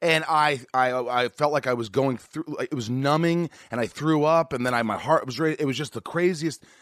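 A man's voice: mid-range voice, a little fast, fairly bright tone, no echo, studio quality. A male podcast host making brief, joking interjections in a casual chat.

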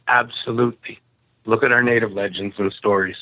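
A man from Canada, a podcast guest, telling stories bluntly with a rough edge. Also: medium pitch, steady tone, moderate pace, dry recording, muffled recording. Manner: blunt, rough-edged storyteller. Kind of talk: casual storytelling interview.

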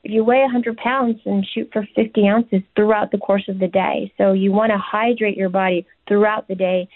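A woman's voice: medium pitch, steady tone, normal speed, no room sound. A woman, a nutritionist and chef, giving casual, chatty advice in an interview, with many "you know"s and "um"s. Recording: tinny dry phone line.

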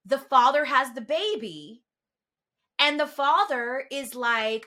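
A woman's voice: high-pitched, expressive, unhurried, sharp tone. A woman co-hosting a casual podcast chat, telling stories animatedly and acting out the people she quotes. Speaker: podcast co-host.

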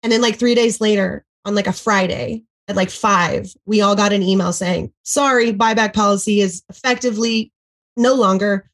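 Husky woman telling a story animatedly. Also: medium pitch, moderate pace, poor audio. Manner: animated, acts out quotes, many fillers. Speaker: podcast guest, former MLM seller. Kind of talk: emotional storytelling interview.

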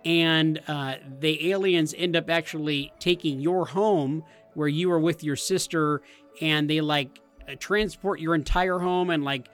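A man in his thirties, a podcast co-host, chatting casually and acting out game moments with loud outbursts. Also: unhurried, soft background music. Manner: animated, acts out game moments in loud high voices. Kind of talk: casual chat.

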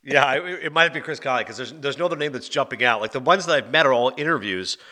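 A man hosts a movie podcast at a brisk clip, rattling through anecdotes with energy. His voice is bright and forward, and his delivery is loose and conversational. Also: medium pitch. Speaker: podcast host. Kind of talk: casual movie podcast chat.

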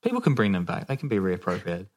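A man's voice: sits low, huge pitch swings, fast. A man hosting a podcast, telling a true-crime story in a casual, joking way and laughing often.

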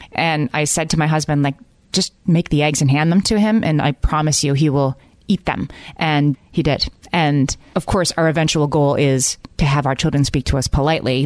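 A woman in her forties, co-hosting a casual parenting chat in a calm, reflective way and laughing at herself now and then. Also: low-pitched, no room sound. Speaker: podcast co-host.

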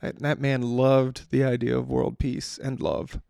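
A man's voice: mid-range voice, monotone, a little slow, vocal fry, mellow, clean tone, no room sound, studio quality. A man hosting a solo podcast, rambling casually with profanity and frequent self-interruptions. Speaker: podcast host.

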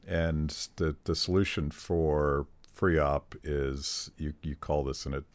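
A man hosting an interview podcast who talks in a halting way, restarting his phrases, with a wry tone. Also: rumbling low, fairly even intonation, no room sound. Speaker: podcast host. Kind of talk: interview conversation.

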